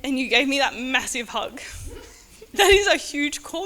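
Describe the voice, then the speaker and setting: A woman's voice: high voice, lively intonation, a little slow, a bit bright. A woman, the bride's sister, giving an unscripted wedding speech on a handheld mic, nervous, giggly and close to tears. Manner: nervous, giggly, tearful, chatty. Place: indoor wedding reception venue.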